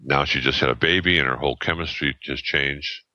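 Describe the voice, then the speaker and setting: A man in his seventies, a podcast guest, telling a story in a rambling, halting way with many restarts and fillers, on a dull lo-fi recording. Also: extremely low pitch, sharp tone, no echo. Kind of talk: casual storytelling. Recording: dull lo-fi sound.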